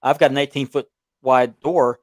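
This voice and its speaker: A belt collecting show co-host tells a rambling story from a small-town home over a remote call with audio delay, restarting often and chuckling. His medium-pitched voice has fairly even intonation at normal speed, studio quality with no echo.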